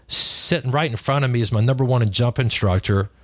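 A man telling a personal story in a relaxed, conversational way, often restarting his sentences. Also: medium pitch, fairly quick, dry recording, studio quality. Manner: conversational, lively retelling with frequent restarts. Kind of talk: personal story told casually.

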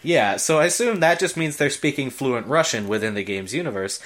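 Mid-pitched man, casual podcast co-host, chatty, hunts for words. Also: lively intonation, brisk, a bit bright. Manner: chatty, laughs often, gropes for words. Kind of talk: casual game discussion.

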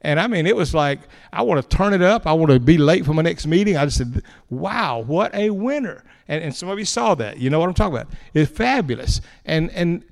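A man's voice: sits high, vocal fry. A man, preaching in a folksy, anecdotal way to an audience. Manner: folksy and animated, tells anecdotes with chuckles and repeated words. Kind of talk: folksy storytelling talk to an audience. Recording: long hall reverb.

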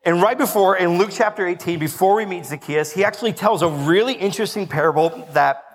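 A man's voice: sits high, fast talker, in a large hall. A male pastor preaching a conversational sermon, joking and asking the congregation questions.

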